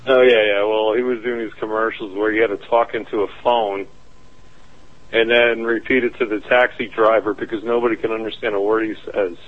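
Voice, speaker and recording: A man's voice: lowish voice, level tone, brisk, phone-quality sound. A man speaking as a guest on a show in laid-back, casual chat.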